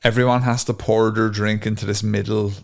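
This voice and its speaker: A man's voice: lowish voice, little pitch movement, fairly quick, creaky. A young man co-hosting a podcast, chatting casually, rambling and swearing freely with frequent laughs. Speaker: podcast co-host. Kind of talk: casual chat.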